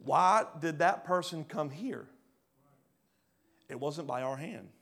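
A pastor preaching a sermon, swinging between loud rising bursts and quiet low drops. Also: male voice, animated, slow, creaky. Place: church hall.

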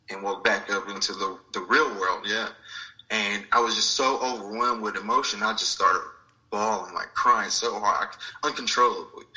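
The audio is rough as a guest with a fairly low, sharp-toned voice shares his spiritual experience in an interview. He speaks thoughtfully and imitates the voices of those he quotes.

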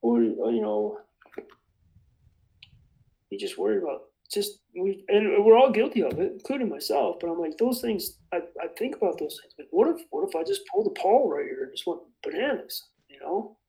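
A man's voice: sits high, big pitch swings, brisk, vocal fry, hardly any pauses, warm tone, low-quality recording. A man rambling passionately in a casual religious discussion. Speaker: bible study participant.

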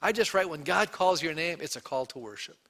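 A man, a pastor, preaching an Easter sermon to his congregation, telling the story with animated asides and questions to the room. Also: on the high side, a little fast. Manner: animated storytelling, acting out quotes.

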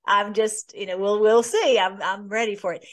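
A woman hosts an informal Bible teaching at a middle pitch. She reads scripture aloud, then talks it through earnestly and casually, stopping now and then to search for words. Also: steady tone, normal speed. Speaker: host.

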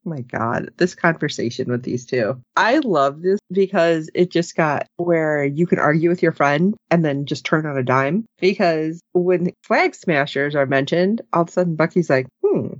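A woman's voice: deep voice, normal speed, hardly any pauses, dry recording. A woman co-hosting a casual podcast, recapping a TV episode, laughing often and acting out quotes. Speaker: podcast co-host. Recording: dull lo-fi podcast audio.

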